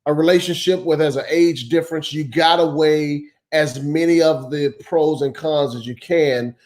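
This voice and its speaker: A man's voice: on the high side, moderate pace, a little mellow. A man hosting a casual morning show, asking questions in an earnest way. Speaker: host. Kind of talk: casual chat.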